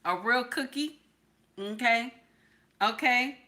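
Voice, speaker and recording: A woman's voice: a little high, slow, sharp tone. A woman hosting a live stream, preaching and sassy, repeating herself for emphasis. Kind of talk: casual live-stream commentary.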